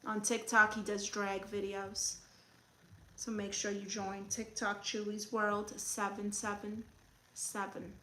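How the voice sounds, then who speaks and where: A woman hosting a comedy livestream as an advice-giving aunt, chatting casually with a sassy, teasing manner and reading comments out loud. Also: medium pitch, level tone, slow pace, a little hiss or hum, low-quality recording. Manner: coos baby talk at her dog.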